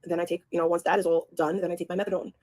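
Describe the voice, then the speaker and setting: A woman's voice: fairly low pitch, flat delivery, warm tone, dry recording. A mother chatting on a livestream, defensive and insistent about her daily routine. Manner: defensive, insistent, talks fast. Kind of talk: casual livestream chat.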